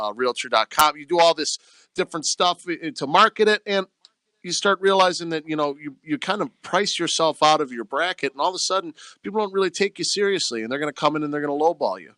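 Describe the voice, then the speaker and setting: Man, bright forceful voice, dry close studio sound, emphatic radio talk. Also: on the high side, dry recording. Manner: emphatic, plain-spoken sales talk. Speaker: real estate agent. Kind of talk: radio talk show chat.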